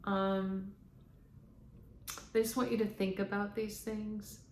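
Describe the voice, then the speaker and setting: A woman speaking as a spiritual medium, relaying messages to viewers in a halting monologue full of "um"s. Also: medium pitch, little pitch movement, darkish tone, a little hiss or hum. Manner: halting, frequent "um" fillers. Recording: echoey room.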